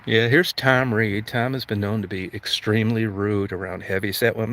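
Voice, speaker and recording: A man's voice: lowish voice, fairly even intonation, normal speed, few pauses, fairly bright tone. A man hosting a livestream, ranting crudely with constant swearing and mock outrage. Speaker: livestream host. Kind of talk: profane comedic rant.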